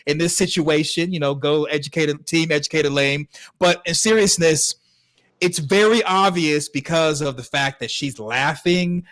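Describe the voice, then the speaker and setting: A man's voice: a little high, fairly bright tone, no room sound. A man co-hosting a podcast, giving laid-back, wry commentary on a clip with plenty of fillers. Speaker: podcast co-host. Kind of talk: casual commentary.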